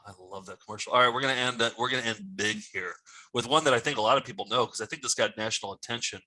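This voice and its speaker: A man's voice: mid-range voice, rapid-fire, pushed and bright, dry recording, poor audio. A man hosting a casual chat show, easygoing and playful. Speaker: host.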